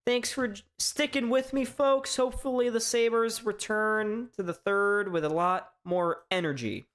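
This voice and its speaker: A man from hosting a live sports reaction stream, chatting casually in a strained, hoarse voice, rambling and stammering through restarts. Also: sits high, measured pace, a bit bright. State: voice straining from shouting. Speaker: sports fan livestream host.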